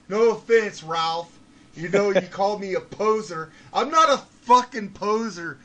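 A man's voice: high voice, expressive, moderate pace, a bit bright, slight background noise. Profane, ranting podcast host man. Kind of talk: casual podcast chat.

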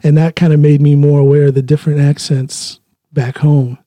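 A middle-aged man hosts a podcast from his home studio, chatting easily and chuckling between thoughts. His voice sits a little high but sounds dark and mellow, and the room adds almost no echo. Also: moderate pace. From United States. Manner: relaxed, laughs often, frequent restarts. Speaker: podcast host. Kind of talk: casual conversation.

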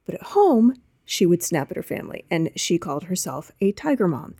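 A woman coaching her listeners on a solo podcast, with a lowish, mellow voice. She talks in an animated way and speaks straight to the listener. The sound is dry and close, with no room around it. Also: brisk, no room sound.

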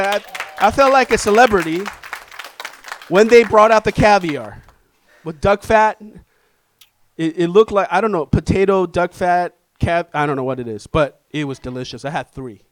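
A man with a fairly high voice preaches a sermon, telling a lively, self-deprecating story to his congregation. The sound is close and dry, with little room echo. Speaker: pastor. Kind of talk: sermon with humorous personal story.

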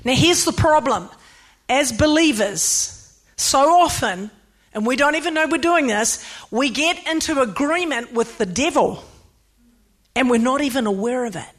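A woman pastor, preaching a sermon in an emphatic, lively way with playful asides. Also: high-pitched, unhurried.

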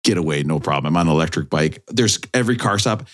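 A man co-hosting a podcast, telling a story in a casual, animated, self-mocking way. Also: extremely low pitch, fast talker. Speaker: podcast host.

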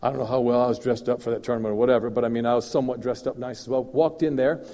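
A man preaching as a guest minister, telling a story in an animated way that swings from loud and emphatic to low and confiding. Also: rapid-fire. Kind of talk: storytelling sermon. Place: church hall. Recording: dull recording in a reverberant hall.

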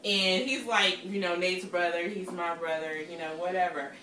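A woman co-hosting a podcast from her kitchen, telling stories in a casual, animated way, laughing often and swearing freely. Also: on the low side, normal speed, echoey room, far from the mic, a little hiss or hum. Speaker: podcast co-host. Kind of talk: casual storytelling chat. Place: home kitchen.

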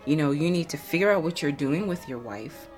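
A woman with a notably low voice tells a personal story in easy, conversational storytelling. She talks animatedly and fills her speech with casual asides and fillers. Soft music plays faintly underneath. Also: animated, fairly quick.

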